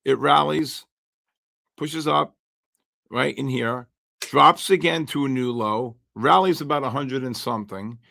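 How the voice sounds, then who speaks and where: A hoarse man hosting a live trading stream, chatting with viewers by name while he calls trades. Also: medium pitch. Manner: animated, greets chat by name while calling trades. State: hoarse, losing his voice. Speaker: livestream host and futures trader.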